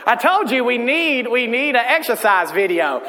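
A man preaching a sermon in a lively, humorous way, full of rhetorical questions. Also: very high voice, moderate pace, in a large hall, a little hiss or hum.

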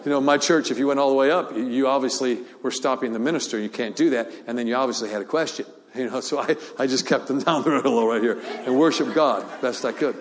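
Speaking quickly with few pauses, an older preacher uses a mid-range voice to tell a sermon story. He laughs often and repeats words, and the large church hall adds a long reverb.

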